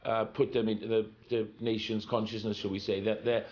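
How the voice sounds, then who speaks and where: A man's voice: on the low side, level tone, brisk, darkish tone, muffled recording. A man with a Welsh accent, reminiscing casually in an interview, telling anecdotes with stumbles and repeats. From Wales.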